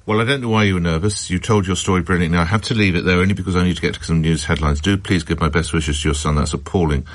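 A male radio host taking calls, brisk and reassuring with his callers. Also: deep voice, fairly even intonation, dry recording. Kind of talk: phone-in radio presenting. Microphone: studio mic.

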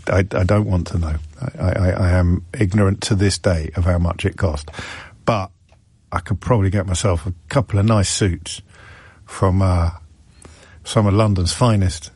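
A man's voice: low-pitched, steady tone, moderate pace, darkish tone, breathy edge, no echo. A middle-aged man from England giving a rambling, self-deprecating talk as a radio presenter, often restarting his sentences. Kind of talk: conversational monologue.

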